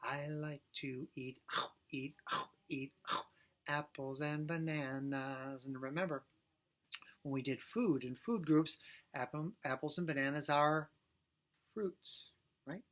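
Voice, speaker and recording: A male preschool teacher talking gently and playfully to young children, singing a silly song and reading a picture book aloud. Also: fairly high pitch, steady tone, slow pace. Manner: gentle, playful, talks directly to young kids.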